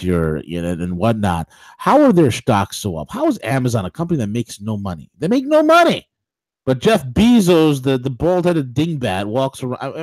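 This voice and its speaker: Guy ranting on a political talk show, pitch jumping all over, dry close sound, lots of restarts. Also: warm tone, dry recording, rough recording. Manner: ranting, emphatic, rhetorical questions; many restarts and fillers. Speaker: show co-host.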